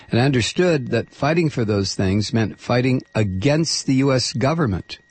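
A man's voice: on the low side, darkish tone, husky, no room sound. A man hosting talk radio, reading quotes aloud and commenting with frequent hesitant fillers. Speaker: radio host.

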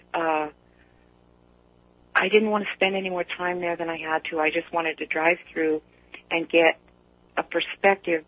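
A man on a call-in radio show, rambling in casual chat with many fillers and restarts, heard over a phone line. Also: a little high.

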